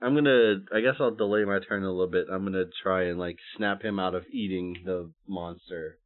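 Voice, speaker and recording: A man's voice: sits low, fairly even intonation, brisk, no room sound. A man playing a tabletop game, laughing often and swearing freely. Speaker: player. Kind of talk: casual tabletop play. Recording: tinny call audio.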